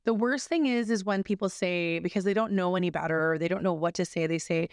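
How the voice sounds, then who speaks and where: Earnest woman sharing her story, smooth voice. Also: fairly low pitch, fast, hardly any pauses, no echo, studio quality. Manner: earnest, many restarts, animated when quoting others. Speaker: podcast guest. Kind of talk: candid personal storytelling.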